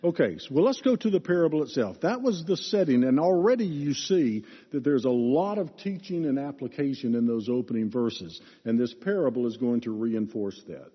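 Lively, breathy preacher in an echoing hall. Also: male voice, mid-range voice, moderate pace, hardly any pauses. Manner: expressive, emphatic teaching. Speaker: pastor. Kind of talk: sermon. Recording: reverberant hall, dull lo-fi sound.

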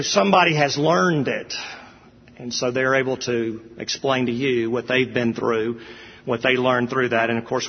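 A middle-aged man preaches with earnest conviction, building to emphatic peaks. His voice has a slightly husky edge. The sound is dull and carries the long echo of a church hall. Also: medium pitch. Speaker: pastor. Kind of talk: sermon.

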